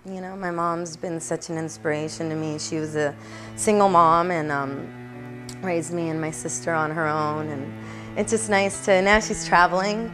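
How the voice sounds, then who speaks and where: A woman's voice: fairly low pitch, fairly even intonation, normal speed. A young adult woman, an actress, chatting in an interview in a bubbly, playful way with frequent laughs. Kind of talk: casual interview answers. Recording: music playing behind.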